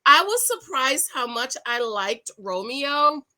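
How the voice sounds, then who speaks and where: A woman's voice: sits high, sing-song, takes it slowly, bright, forceful tone. A woman recapping a reality dating show in a casual vlog, gushing and rambling with frequent self-corrections.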